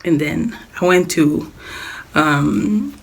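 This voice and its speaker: A sick young woman vlogging a casual life update in a hoarse, raspy voice, coughing often, rambling and repeating herself. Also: sits low, very slow, slight background noise. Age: young adult. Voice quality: raspy, smoker-like voice. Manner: rambling, repeats words, apologizes.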